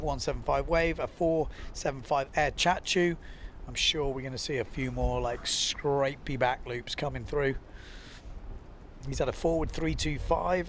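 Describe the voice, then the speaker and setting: A man's voice: on the high side, slight background noise. A young adult man giving live windsurfing commentary, chatty and loose, often using filler phrases and reading out viewer comments. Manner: chatty, reads viewer comments, frequent "you know" fillers.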